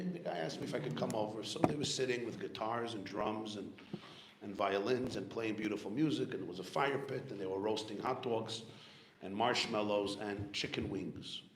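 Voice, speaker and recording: A man speaking as a rabbi, telling a personal story in a reflective, earnest sermon and quietly acting out the voices in it. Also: on the low side. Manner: earnest, reflective storytelling with soft spoken asides. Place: community hall gathering. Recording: echoey room, faint background noise.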